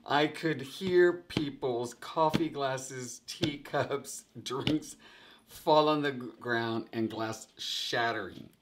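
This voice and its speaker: A man in a casual vlog, speaking slowly and warmly animated. He laughs often and addresses his viewers directly as "guys". A faint background hiss sits under the recording. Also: medium pitch. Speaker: tarot video host.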